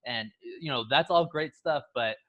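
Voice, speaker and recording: A man co-hosting a casual movie review chat, retelling scenes with lively character impressions. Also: mid-range voice, moderate pace, phone-quality sound. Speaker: podcast co-host.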